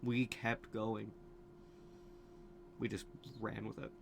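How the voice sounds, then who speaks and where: A man's voice: on the low side, completely flat delivery, slow pace, vocal fry, noisy background. A man hosting a casual video commentary, rambling with many fillers, asides and restarts. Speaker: video host.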